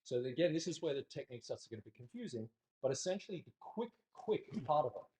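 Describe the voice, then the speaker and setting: A man teaching a dance class in a studio, talking casually and in an animated way, joking bluntly and swearing now and then. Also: mid-range voice, quick pace. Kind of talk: casual instructional talk.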